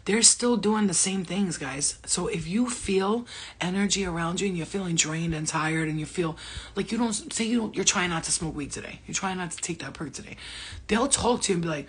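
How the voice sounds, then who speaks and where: Husky-voiced woman, laughing and swearing. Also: lowish voice, fairly quick. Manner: laughs often, swears, talks animatedly. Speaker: spiritual medium. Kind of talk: casual livestream talk.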